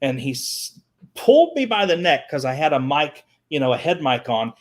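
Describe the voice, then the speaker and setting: A man telling animated stories as a guest on a talk show, repeating words and acting out the people he quotes. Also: on the high side, normal speed. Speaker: guest, children's entertainer. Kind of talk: animated storytelling.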